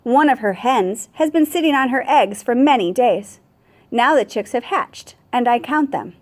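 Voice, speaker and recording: Female first grade teacher, high bright voice, very animated read-aloud for young kids. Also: moderate pace. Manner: expressive storybook reading. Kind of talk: reading a picture book aloud to children.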